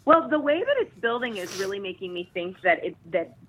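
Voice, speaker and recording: A woman from Texas calling in as a guest to a casual chat, sharing relaxed, measured opinions. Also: medium pitch, slight background noise. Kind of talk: casual chat over a phone line. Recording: tinny phone line.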